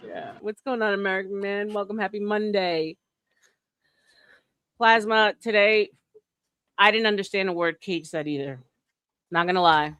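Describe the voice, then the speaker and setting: A woman's voice: medium pitch, moderate pace, long pauses, a bit bright, clear, resonant tone, dry recording, clean studio sound. A woman hosting a casual group voice chat, teasing and laughing as she talks. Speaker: stream host.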